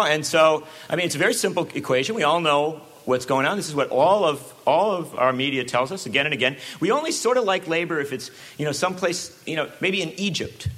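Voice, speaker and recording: A man giving a public talk with sarcastic, animated delivery and frequent asides. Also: a little high, a little fast, few pauses. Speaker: speaker.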